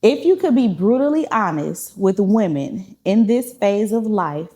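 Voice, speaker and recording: A woman hosts a laid-back podcast, speaking. She talks in an easy, encouraging way and laughs often. Her pitch sits in the middle for a woman. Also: animated, unhurried, warm tone. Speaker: podcast host. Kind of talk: casual conversation.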